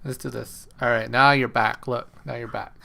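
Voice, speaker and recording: A man's voice: mid-range voice, fairly even intonation, normal speed, vocal fry, bright, forceful tone, a little hiss or hum. A man hosting a casual fantasy football livestream from home late at night, playfully chatting to a baby between remarks. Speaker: fantasy football stream host.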